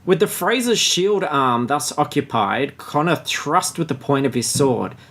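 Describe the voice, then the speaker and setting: A man's voice: a little high, lively intonation, measured pace, fairly bright tone. Crude, joking male podcast host. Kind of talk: casual book-club chat with read-aloud passages.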